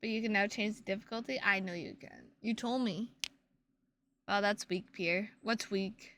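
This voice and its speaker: A woman's voice: medium pitch, moderate pace, a bit bright, slight background noise. A woman streaming and chatting casually with her viewers, playful and teasing, with plenty of swearing.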